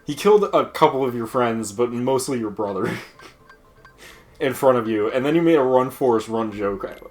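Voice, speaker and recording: A man's voice: medium pitch, expressive, normal speed, a little mellow, faint music behind. A man hosting casual gaming commentary, ranting with plenty of swearing and laughter while mimicking other people's lines. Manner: profane ranting, laughs often, mocks quoted voices. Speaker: let's play host.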